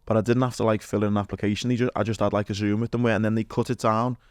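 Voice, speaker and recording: A man hosting a podcast, chatting casually and quickly with lots of "like" fillers. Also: lowish voice, little pitch movement, a little mellow, smooth, no echo, clean studio sound. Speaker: podcast host. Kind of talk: casual chat.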